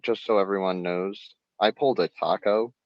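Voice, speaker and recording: Low-voiced man, dry joking sports chat. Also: steady tone, moderate pace, no echo, dull audio. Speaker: podcast co-host.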